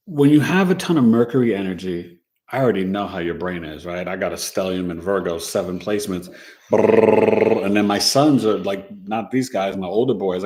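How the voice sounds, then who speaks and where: Man, middle-aged, astrology livestream host, animated casual chat, playful, lowish voice. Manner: animated, chatty, drops in Spanish words, playful. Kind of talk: casual livestream chat, reading chart comments.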